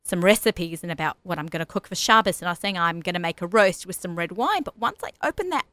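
Middle-aged aussie lady hosting radio, bright chatty voice, dry close sound. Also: fairly low pitch, animated, fast talker, no echo. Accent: Australian. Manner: chatty, laughs often, self-correcting. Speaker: radio host. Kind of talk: casual chat.

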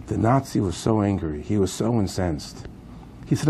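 A man tells a dramatic story at a memorial program. His voice sits low with a dark, mellow tone, and he leans on key words with sudden shifts of pace. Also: fairly quick, creaky, husky.

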